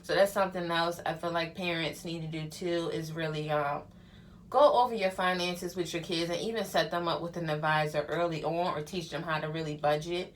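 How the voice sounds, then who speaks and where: A young woman, a vlogger and hairstylist, tells her life story while getting ready, chatting candidly and tossing in slang like "honey" and "child." Her lowish voice is steady and fairly quick, with a faint hiss or hum.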